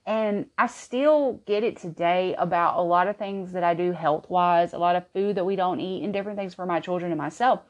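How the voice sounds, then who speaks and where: A woman's voice: on the low side, brisk, few pauses, muffled recording. A woman, hosting a podcast and telling a personal story in an earnest, chatty way. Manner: earnest, chatty, with frequent restarts and laughs. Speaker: podcast host, homeschooling mother. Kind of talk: casual personal storytelling monologue.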